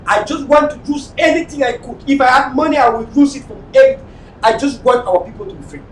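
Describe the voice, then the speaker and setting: An impassioned Cameroonian man with a high voice holds forth on his late-night live talk show. He repeats himself for emphasis and sometimes breaks into shouting. He is recorded from some distance in an echoey room over a faint rumble. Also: sing-song, fast talker. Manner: impassioned and repetitive, at times shouting. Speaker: online TV talk show host.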